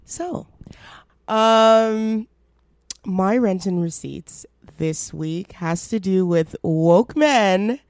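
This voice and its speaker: A woman's voice: medium pitch, extremely slow, darkish tone, clean tone, dry recording. A woman co-hosting a podcast, talking in heated, indignant casual chat and swearing freely. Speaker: podcast co-host.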